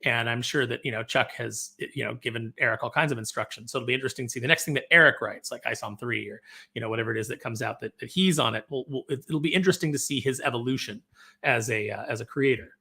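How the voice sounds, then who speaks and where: A man's voice: medium pitch, fast talker, gravelly, bright, forceful tone, slightly rough. A man co-hosting a casual panel podcast, rambling and repeating words as he thinks. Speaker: podcast co-host.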